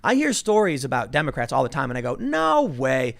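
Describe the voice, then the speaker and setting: A man hosting a political talk show, animated and chatty, acting out quotes in mocking voices. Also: medium pitch, very fast, gravelly. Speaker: podcast host.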